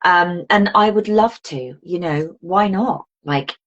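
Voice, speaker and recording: A woman's voice: on the low side, takes it slowly, muffled recording. A woman guest on a podcast, chatting casually and acting out her own reactions as she tells a story. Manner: animated, acts out her own reactions in quotes. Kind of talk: casual chat.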